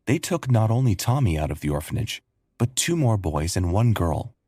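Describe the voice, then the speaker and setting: A husky-voiced man narrates a scripted story in a low register. His delivery moves lively up and down, and the sound is dry and close. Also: moderate pace, no room sound.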